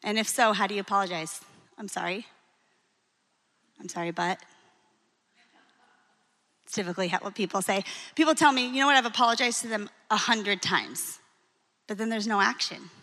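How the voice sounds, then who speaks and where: A woman in her forties, a marriage coach, giving a lively, frank and encouraging talk to a live audience. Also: mid-range voice, fast. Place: hall with an audience. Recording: long reverb of a large hall.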